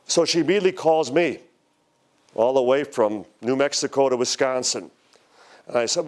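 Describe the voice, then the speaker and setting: An older man giving a conference talk, telling a story slowly and dramatically, quoting the people in it. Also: mid-range voice, a little mellow. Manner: slow, dramatic storytelling with quoted voices. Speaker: speaker at a UFO conference. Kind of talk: storytelling lecture. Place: lecture hall.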